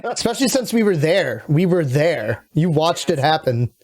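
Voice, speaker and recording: A man on a sports podcast talks through his feelings in an earnest, confessional tone. His voice sits somewhat high for a man. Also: sing-song, normal speed, darkish tone. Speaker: podcast co-host. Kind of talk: casual sports podcast chat.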